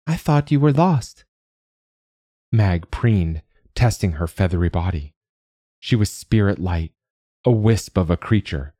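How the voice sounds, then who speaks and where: Deep-voiced man reading fiction. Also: mellow, no echo, studio quality. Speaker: podcast narrator. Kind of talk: scripted narration.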